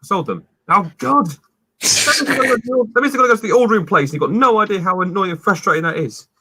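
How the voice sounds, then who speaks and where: A grumpy bookshop owner, as a man puts him on, yelling in a frantic, strained, very high voice. He sounds fed up and exasperated, with a bright, tense edge. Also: expressive, fast talker, breathy edge, no room sound, exaggerated voice.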